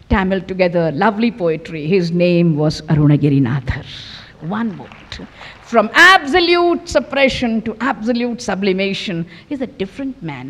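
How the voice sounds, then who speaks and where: An older woman giving a devotional discourse, emphatic and given to repetition, sinking now and then to a hush. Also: medium pitch. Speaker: spiritual teacher giving a discourse. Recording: long hall reverb.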